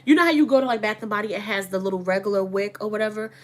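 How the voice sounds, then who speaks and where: A woman's voice: medium pitch, fairly even intonation, rapid-fire. Woman vlogger, casual and candid, talks straight to her followers, mid-range voice. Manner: chatty, candid, addresses viewers as y'all. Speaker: online boutique owner and vlogger. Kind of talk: casual chat to camera.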